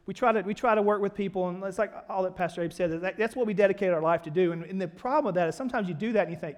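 In a church hall full of echo, with soft music underneath, a man delivers a sermon. His voice is high and quick, shifting from telling stories to loud, forceful preaching.

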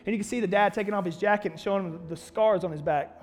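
A male pastor preaching a sermon, telling personal stories and building to loud, emphatic preaching. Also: sits high, fast. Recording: hall reverb with soft music behind.

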